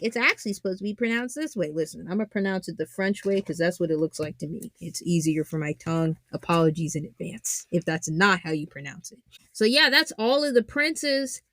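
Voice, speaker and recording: A woman hosting a casual anime analysis podcast, joking and animated, swinging from loud exclamations to low muttered asides. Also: no echo, clean studio sound. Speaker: podcast host.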